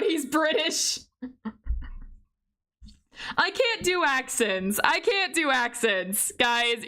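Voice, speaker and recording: A woman's voice: high voice, pushed and bright. A woman streamer reading a visual novel aloud and chatting with her viewers, chatty and giggly. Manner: chatty, giggly, talks to chat.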